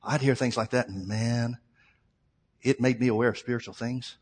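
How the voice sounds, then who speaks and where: A male pastor preaching a sermon, telling a story and swinging between loud, fervent preaching and quiet asides. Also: mid-range voice, fairly even intonation, moderate pace, husky. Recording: long hall reverb.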